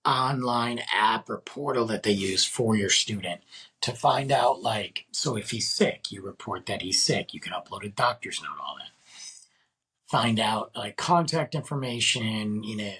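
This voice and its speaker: Husky man ranting on his podcast. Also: lowish voice, lively intonation, unhurried, a bit bright. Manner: exasperated, ranting, rhetorical questions. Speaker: podcast host. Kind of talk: casual podcast rant.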